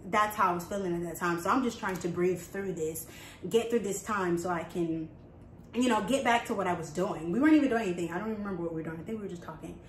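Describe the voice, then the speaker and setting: A woman's voice: on the low side, fast, slight background noise. A young woman frankly and casually telling a personal story to camera, talking loosely with plenty of fillers. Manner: frank and conversational, full of fillers. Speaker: vlogger. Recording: roomy echo, faint ambience.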